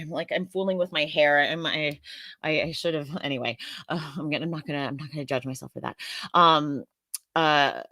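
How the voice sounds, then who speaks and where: A woman's voice: low voice, bright, forceful tone, no room sound. An American woman hosting a casual live Q&A stream, earnest and reflective, often restarting her sentences as she thinks aloud. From United States.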